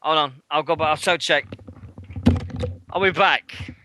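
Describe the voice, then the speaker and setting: A British man hosting a wrestling radio show, telling a rambling, swear-filled anecdote and shouting out the quoted lines. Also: a little high, a little slow, background noise. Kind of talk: casual storytelling chat.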